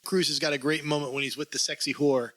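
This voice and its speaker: A man's voice: fairly high pitch, flat delivery, quick pace, a bit bright. A man co-hosting a podcast, chatting casually about movies and laughing often. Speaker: podcast co-host. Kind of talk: casual film discussion.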